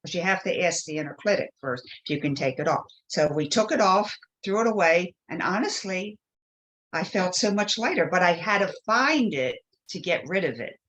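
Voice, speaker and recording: A woman speaking as a guest in an interview, telling stories with lively acted-out quotes. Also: on the low side, moderate pace, poor audio. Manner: animated storytelling with acted quotes. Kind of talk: conversational interview.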